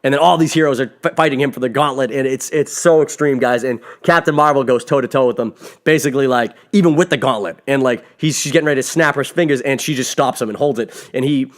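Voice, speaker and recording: Male podcast host, casual film recap, gushing and excitable, curses freely, rambling restarts. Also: medium pitch, quick pace. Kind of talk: casual spoiler movie review.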